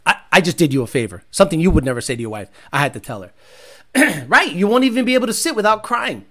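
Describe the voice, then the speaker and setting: A man hosting a livestream and reading chat, talking bluntly and profanely, often bursting into loud shouts. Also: on the high side, very animated, fast talker. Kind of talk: casual ranting chat.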